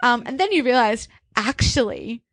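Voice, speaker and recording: A woman's voice: on the high side, lively intonation, moderate pace, a bit bright, dry recording. A woman co-hosting a casual podcast chat, earnest and reflective, with many "like" and "um" fillers. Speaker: podcast co-host.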